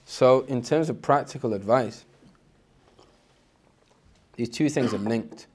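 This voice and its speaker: A man's voice: takes it slowly, darkish tone, husky. A man giving an informal spiritual lecture. He talks conversationally and often repeats a word at the start of a phrase. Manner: acts out inner voices with sudden pitch jumps. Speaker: Islamic teacher.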